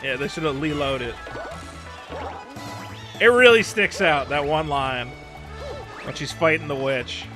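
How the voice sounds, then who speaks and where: Rambling, profane man with a higher voice. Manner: rambling, profane, quick asides and laughs. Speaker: streamer playing a video game. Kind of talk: casual gameplay chat. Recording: clear game music underneath. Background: game music.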